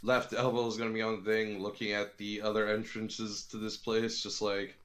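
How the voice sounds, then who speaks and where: Man, tabletop player, wry banter, slightly low voice. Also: little pitch movement, normal speed, a bit bright. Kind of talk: tabletop game chat.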